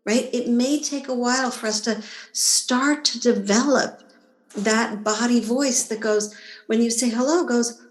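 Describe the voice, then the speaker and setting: A woman's voice: a little high, measured pace, reverberant, rough recording. A woman guest on a podcast interview, explaining her ideas and acting out inner voices along the way. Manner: animated, acts out inner voices. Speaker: body-image coach, guest.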